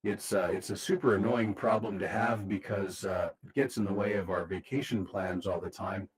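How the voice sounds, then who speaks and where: A low-voiced man at a tabletop game, speaking in character. He sounds easygoing and dry-humored, even when he talks about fighting. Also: moderate pace. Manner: easygoing, wry. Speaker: player. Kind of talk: in-character roleplay.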